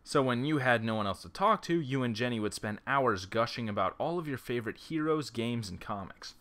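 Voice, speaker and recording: A man's voice: medium pitch, lively intonation, brisk, fairly bright tone. A man reading an interactive story game aloud on a laptop's built-in mic, breaking off into joking side comments.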